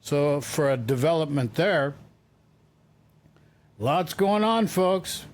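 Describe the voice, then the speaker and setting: A man's voice: fairly high pitch, animated, slow pace. A man hosting a political commentary show, talking casually and sounding exasperated, often repeating his points.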